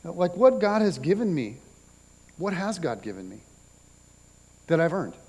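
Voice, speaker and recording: A man's voice: a little high, very animated, a little slow, a little mellow, breathy edge. A middle-aged man preaching a conversational sermon, casual and chatty with lots of fillers and wry jokes. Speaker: pastor. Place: church auditorium. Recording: long hall reverb from a church sanctuary.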